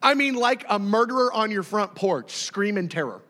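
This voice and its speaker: A man preaching a sermon, animated and dramatic, often acting out voices and shouting. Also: high-pitched, normal speed, in a large hall.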